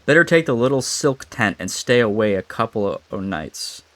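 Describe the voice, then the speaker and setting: A young man reading the lines of a blunt, bossy male hunting guide from an old story, slowly and carefully, in his own everyday voice. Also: fairly low pitch, expressive, a bit bright, no echo.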